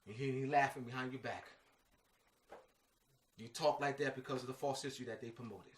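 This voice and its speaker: A man's voice: medium pitch, steady tone, brisk. A man giving an informal lecture, emphatic and repetitive, full of slang asides like "man" and "you know what I mean". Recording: echoey room, mic at a distance.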